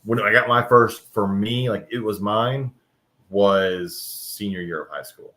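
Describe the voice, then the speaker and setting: Low-voiced man, blunt and swearing. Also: a little slow, bright, forceful tone. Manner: blunt, swears often, joking. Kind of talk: casual chat.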